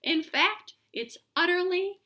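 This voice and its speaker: High, lively storytime lady. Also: slow. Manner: playful, exaggerated, with silly sound effects. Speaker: children's storytime host. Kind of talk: reading a picture book aloud to children.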